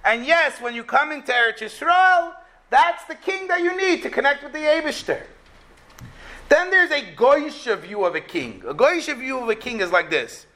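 A man with a very high, bright voice teaching a Torah class. He explains the verse with energy and acts out the speakers in it. His tone is lively and expressive. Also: normal speed. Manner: animated, acts out quotes.

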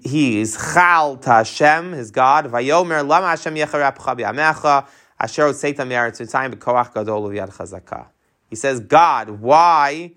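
A man teaching a text study class, animated and tossing rhetorical questions to his students. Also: mid-range voice.

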